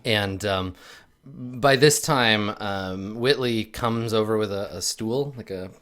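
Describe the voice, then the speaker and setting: A man narrating as game master in a tabletop game, with many pauses and fillers. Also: on the low side, a bit bright. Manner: hesitant, full of fillers, lightly amused.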